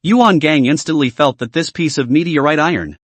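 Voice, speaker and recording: Casting: male recap narrator, slightly higher voice, steady scripted reading, dry booth sound. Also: a little fast, no echo. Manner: reads every part in one even narrating voice.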